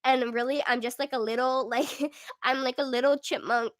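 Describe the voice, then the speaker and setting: A young woman with a squeaky voice hosting a casual livestream, chatty and giggly, filling her talk with "like". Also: fairly even intonation, normal speed, dry recording, studio quality. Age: young adult. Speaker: livestream host.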